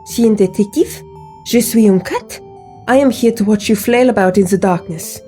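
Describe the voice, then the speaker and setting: A woman's voice: mid-range voice, normal speed, mellow, soft background music, close to an everyday voice. Woman doing a haughty French-accented cat. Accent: put-on French. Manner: scornful, lofty and theatrical.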